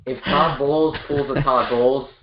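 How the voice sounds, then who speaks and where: A man's voice: mid-range voice, fairly even intonation, moderate pace, noisy background. A man co-hosting a casual sports podcast, joking around and often hesitating. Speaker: podcast co-host. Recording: roomy, dull lo-fi sound.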